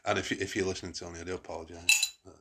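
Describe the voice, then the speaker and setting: A man's voice: deep voice, flat delivery, racing, gravelly, very noisy. A man hosting a casual podcast chat, rambling with frequent restarts and fillers. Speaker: podcast host.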